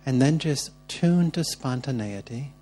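A man's voice: medium pitch, expressive, unhurried. A man leading a church workshop, guiding the group through prayer and then encouraging people to share. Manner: gentle and encouraging, upbeat when calling on people.

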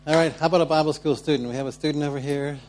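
A man's voice: on the high side, fairly even intonation, rapid-fire, background noise. A man leading a church workshop, guiding the group through prayer and then encouraging people to share. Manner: gentle and encouraging, upbeat when calling on people.

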